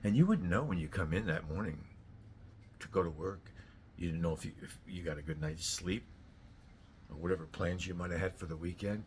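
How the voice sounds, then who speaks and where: Brief: man with a lowish voice, host ranting solo, blunt and crude, voice jumps up when riled. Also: brisk, a little hiss or hum. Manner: blunt, profane, swings to loud outbursts. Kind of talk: ranting monologue.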